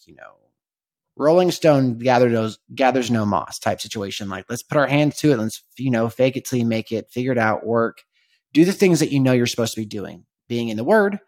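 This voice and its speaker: A man's voice: mid-range voice, dry recording, studio quality. A young man hosting a faith podcast, telling a personal story in a casual, rambling way full of slang and fillers. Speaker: podcast host. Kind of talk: casual spoken testimony.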